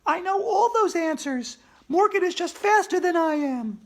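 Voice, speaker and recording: A man voicing a bossy know-it-all schoolgirl in a read-aloud storybook, high and insistent. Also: expressive, moderate pace, vocal fry, exaggerated voice. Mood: urgent.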